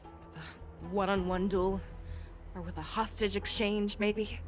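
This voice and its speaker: An actress playing a stern, fierce female general in a video game, speaking in a measured, commanding way. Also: mid-range voice, fairly even intonation, faint music behind, lightly acted.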